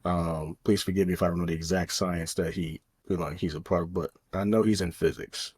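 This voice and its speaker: A man with a fairly low voice co-hosts a podcast in loose, casual chat. He rambles, leaning on fillers and restarts as he works through his thoughts. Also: steady tone, fairly quick, darkish tone, breathy edge. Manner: rambling, heavy on fillers like "you know" and "um". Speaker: podcast co-host.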